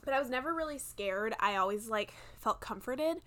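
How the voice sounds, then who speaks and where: A young woman co-hosting a casual podcast, telling a ghost story from her childhood in a soft, chatty way. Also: fairly high pitch, lively intonation, normal speed. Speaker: podcast co-host.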